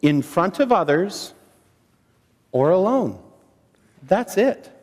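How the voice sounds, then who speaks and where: A man presenting a training seminar, quizzing the audience and using dramatic pauses. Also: high-pitched, very animated, a little mellow. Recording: long hall reverb.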